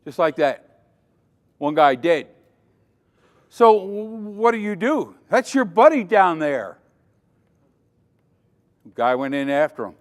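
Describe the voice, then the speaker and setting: A man's voice: a little high, very animated, takes it slowly, pauses often. An older man giving a dramatic safety lecture at a conference, quizzing the audience as he goes. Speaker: safety trainer. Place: conference hall. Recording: long hall reverb.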